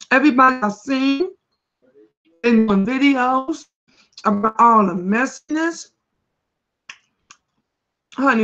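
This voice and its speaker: A woman hosting a casual live chat while eating, greeting viewers by name in a slow, drawling way. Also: on the high side, fairly bright tone. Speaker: livestream host. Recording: dull lo-fi livestream audio.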